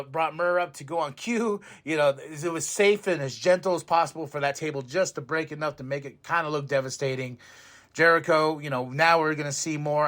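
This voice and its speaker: Excitable, laughing podcast host man. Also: fairly high pitch. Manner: excitable, rambling, laughs often, swears freely. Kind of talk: casual wrestling show review.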